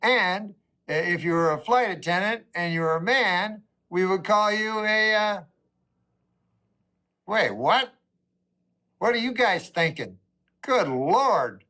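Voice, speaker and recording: A middle-aged man doing a stand-up comedy routine, with a deadpan, rambling delivery full of asides. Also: high voice, measured pace.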